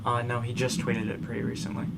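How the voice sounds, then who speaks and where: Young man from California, podcast host, casual laughing storyteller, easygoing chat. His voice sits at an ordinary middle pitch over a clearly noisy background. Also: flat delivery, fast talker. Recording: noticeable background noise.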